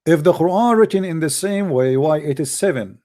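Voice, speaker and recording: A man with an Arabic accent, a native Arabic speaker from the Middle East, hosting a live debate show in a mocking, emphatic and forceful way. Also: on the high side, lively intonation, fairly quick. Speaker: apologetics show host.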